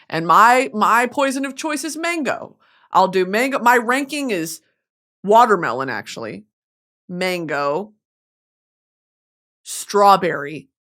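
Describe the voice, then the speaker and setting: A woman's voice: fairly high pitch, fairly bright tone. A woman from Texas hosting a podcast, telling a story as a comedic monologue in a profane, self-mocking way. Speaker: podcast host.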